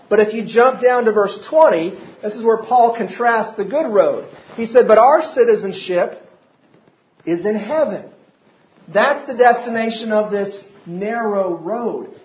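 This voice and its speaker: A man preaching a sermon as pastor, building emphasis and asking his listeners repeated rhetorical questions. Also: high voice. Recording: roomy, dull lo-fi church recording.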